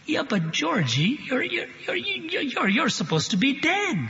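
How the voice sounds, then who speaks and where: A man voicing a startled mother who stammers in a high, breaking voice, in a lo-fi live recording with a long hall reverb. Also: very animated, unhurried, bright, forceful tone, soft background music, full character voice. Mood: shocked.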